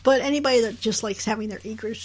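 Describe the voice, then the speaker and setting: A woman's voice: fairly high pitch, racing, slight background noise. A woman co-hosting a podcast, recapping a show in casual chat, laughing often and acting out the characters' lines. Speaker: podcast co-host.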